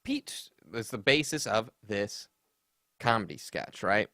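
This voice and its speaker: Animated, sarcastic male podcast host. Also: on the low side, slow pace, dry recording, clean studio sound. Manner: sarcastic, mocking, with sassy put-on voices for quotes. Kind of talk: casual comedic commentary.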